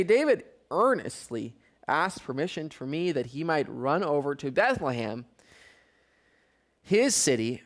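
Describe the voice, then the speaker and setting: A man with a slightly high voice runs a Bible study, first reading verses aloud and then talking through them. He keeps it easygoing and drops in wry asides.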